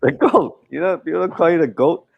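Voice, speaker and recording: A man's voice: on the high side, fairly quick, vocal fry, husky, dull audio. A man co-hosting a casual live stream, joking and teasing, laughing often. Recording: roomy echo with faint music.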